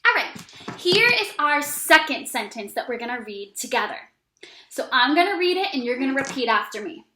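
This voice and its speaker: High, animated woman teaching young children. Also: roomy sound, a little hiss or hum. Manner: slow, exaggerated, encouraging teacher talk with praise. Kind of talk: early reading lesson for young children.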